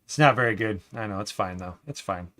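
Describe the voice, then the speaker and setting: Against a noisy background, a man with a lowish voice talks briskly while hosting a casual desk stream. He reads viewer comments aloud, often says "man," and now and then mutters quietly while he builds.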